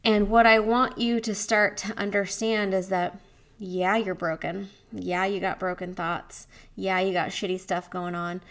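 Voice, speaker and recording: With a medium-pitched voice, flat delivery, and a slightly slow pace, this solo podcast host and wellness coach in her 30s is candid and chatty. She laughs often and acts out her inner voices.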